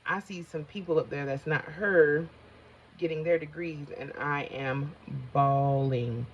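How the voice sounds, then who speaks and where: In a low voice and at a measured pace, a middle-aged woman vlogger tells her viewers a rambling story while applying makeup, often getting sidetracked. She's chatty and colloquial, calling them y'all. Expect slightly dull lo-fi audio with slight background noise.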